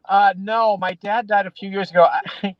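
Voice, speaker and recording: A man's voice: sits high, level tone, moderate pace, no room sound, lo-fi sound. A middle-aged man chatting as a guest, laughing often and restarting sentences while telling anecdotes. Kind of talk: casual chat.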